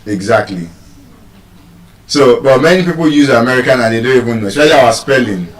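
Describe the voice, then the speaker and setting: Male teacher, animated classroom drilling, roomy distant sound. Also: mid-range voice, a little fast. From Nigeria. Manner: animated and repetitive, drilling words aloud. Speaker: English pronunciation teacher. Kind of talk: classroom lesson. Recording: echoey room, voice from far off.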